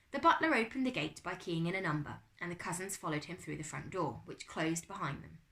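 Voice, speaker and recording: A woman teacher reading a children's novel aloud to her class, with expressive storytelling. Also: lowish voice. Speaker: primary school teacher.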